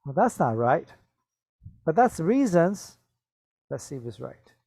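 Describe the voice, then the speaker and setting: A man's voice: fairly high pitch, very animated, a little slow, gravelly, warm tone, dry recording. A man teaching an English vocabulary lesson, patiently repeating words and checking in with "okay?".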